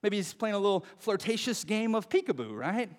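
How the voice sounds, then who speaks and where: Male pastor, high voice, conversational sermon delivery, long hall reverb. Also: big pitch swings, brisk. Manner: conversational preaching, acts out quoted lines.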